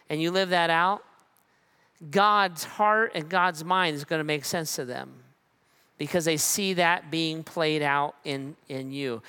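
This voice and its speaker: Man, pastor in church, fairly high and bright voice, relaxed sermon, repeated phrases. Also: clean tone. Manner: conversational and relaxed, with repeated phrases and slow emphatic pauses.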